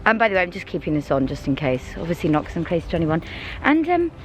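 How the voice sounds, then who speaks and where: An English woman chatting casually in a vlog, gushing and full of fillers, and cooing at her dog in a high baby voice. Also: big pitch swings, fast talker, a little hiss or hum. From England. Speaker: vlogger.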